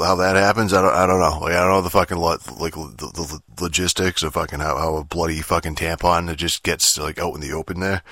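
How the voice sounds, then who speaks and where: A podcast host man talking off the cuff, cursing in nearly every phrase and restarting his sentences. His voice sits very low yet carries a bright, forceful edge. The recording is dry and close. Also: no room sound. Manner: profane, rambling, many fillers and restarts. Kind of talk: casual rambling podcast monologue.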